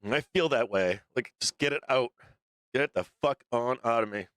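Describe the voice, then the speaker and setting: A man's voice: mid-range voice, normal speed, a bit bright, clear, resonant tone, no echo, studio quality. A man hosting a livestream about the stock market, rambling and swearing casually as he talks to viewers and laughs often. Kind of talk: casual profane market commentary.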